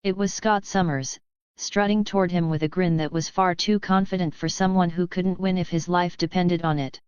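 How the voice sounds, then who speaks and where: Woman reading a story audiobook, lowish smooth voice, dry slightly dull sound. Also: fairly even intonation, moderate pace, a little mellow, no echo. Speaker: audiobook narrator. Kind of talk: scripted fan-novel narration.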